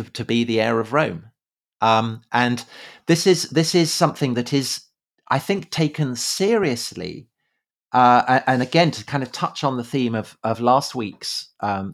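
A man co-hosting a podcast in a casual conversational style, halting often with fillers and repeated words. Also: medium pitch. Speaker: podcast co-host. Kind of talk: casual conversational history chat.

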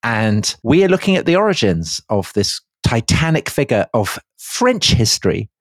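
A man co-hosting a history podcast in casual chat, with dry, deadpan humour. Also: medium pitch, normal speed, no echo. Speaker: podcast co-host.

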